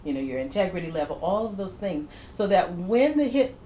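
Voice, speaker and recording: A female writer speaks in an interview in a measured, reflective way. Her voice is low-pitched. It echoes in the room, with faint noise underneath. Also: sing-song, mellow. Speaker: comedy writer.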